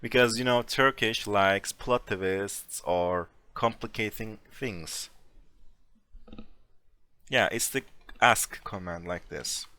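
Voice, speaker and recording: A man teaching a language class over a voice chat, explaining slowly and patiently with casual fillers. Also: lowish voice, sharp tone. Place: home room, over a voice chat. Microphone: computer mic on a voice chat.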